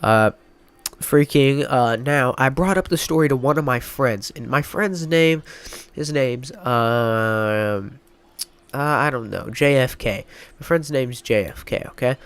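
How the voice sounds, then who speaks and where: A man's voice: medium pitch, slow pace, a bit bright, clean tone. A young man with a stuffy nose telling a rambling, mock-dramatic storytime vlog, full of filler words. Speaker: YouTuber.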